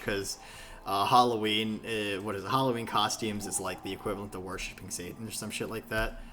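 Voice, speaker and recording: A man streaming himself playing a video game, chatting casually with viewers, rambling and swearing with plenty of fillers and restarts. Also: slight background noise. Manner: rambling, profane, lots of fillers and self-corrections; animated, jumpy pitch. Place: home streaming setup. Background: video game music.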